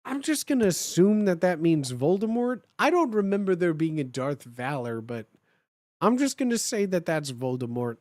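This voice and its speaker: A streamer host giving a comedic dramatic reading of fan fiction, with animated, swearing asides. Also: mid-range voice, normal speed, no echo, studio quality.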